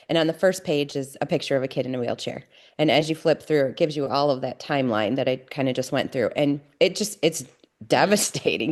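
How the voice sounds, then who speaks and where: This is a middle-aged woman with a low-pitched voice, guesting on a podcast. She talks frankly about her family, earnest and halting, frequently starting her sentences over.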